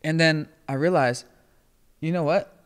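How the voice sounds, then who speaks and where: A man's voice: unhurried, smooth. Casual man chatting in a reverberant room. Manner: animated, imitates others in high voices. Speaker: podcast host. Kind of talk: casual chat.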